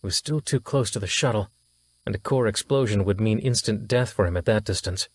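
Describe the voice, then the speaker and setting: A man narrating a science fiction audiobook in a steady, even storytelling manner. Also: fairly low pitch, fairly quick. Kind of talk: scripted narration.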